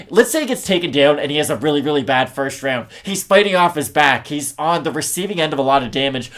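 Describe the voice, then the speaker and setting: Male podcast co-host, lively pitch, chatty and reflective. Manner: conversational, reflective, uses everyday analogies. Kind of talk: casual podcast analysis.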